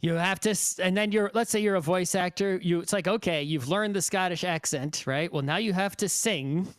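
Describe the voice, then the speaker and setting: A man's voice: sits high, normal speed, clean tone, dry recording, clean studio sound. A man co-hosting a podcast in casual chat, rambling and checking in with the listener as he talks. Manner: rambling, keeps checking in with "right?". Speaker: podcast co-host.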